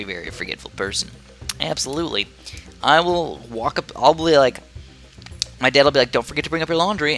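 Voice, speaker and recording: Bright, chatty young male gamer. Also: mid-range voice. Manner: rambling and chatty, full of fillers and restarts. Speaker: gaming video creator. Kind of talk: casual gameplay commentary.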